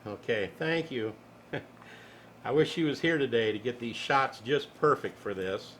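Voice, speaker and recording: A man's voice: mid-range voice, animated, measured pace, bright, forceful tone, a little hiss or hum. A man hosting a home cooking show, chatty and joking in a down-home way. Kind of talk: folksy cooking demonstration.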